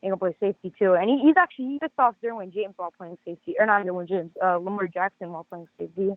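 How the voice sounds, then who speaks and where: Hoarse, fast-talking caller on a phone line. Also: male voice, high voice, dry recording. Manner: rambling, with many stammered restarts. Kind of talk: casual sports call-in chat.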